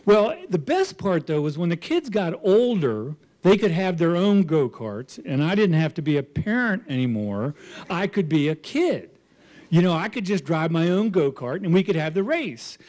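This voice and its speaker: A man's voice: a little high, sing-song, normal speed, a little mellow. A man in his sixties telling a personal story on stage, self-mocking and often chuckling.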